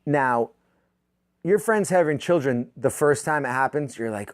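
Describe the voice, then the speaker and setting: A man in his thirties rants sardonically into the mic, swearing freely and leaping higher in pitch when heated. His voice sits in an ordinary middle register. The recording is dry and close, with no room around it. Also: animated, a little slow, dry recording. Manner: profane, sardonic ranting with sudden loud pitch jumps. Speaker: podcast host. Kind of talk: comedic rant monologue.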